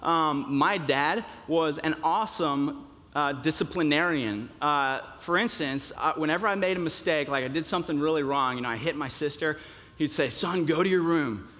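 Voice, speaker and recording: A man's voice: on the high side, moderate pace, bright, forceful tone. A young man preaching a sermon in a conversational way, with many fillers and restarts. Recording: long reverb of a hall.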